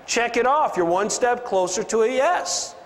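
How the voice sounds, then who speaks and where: Male seminar speaker, high voice, punchy and preachy, echoing big room. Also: animated, measured pace. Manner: preachy, punchy, drops into a low voice for emphasis. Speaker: business speaker. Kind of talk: motivational seminar speech. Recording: long hall reverb, faint ambience.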